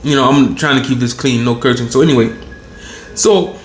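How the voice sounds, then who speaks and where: A man in his thirties telling a long personal story in a rambling, profane, animated way. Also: medium pitch, brisk, soft background music. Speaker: channel host. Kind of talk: casual storytelling monologue. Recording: roomy echo.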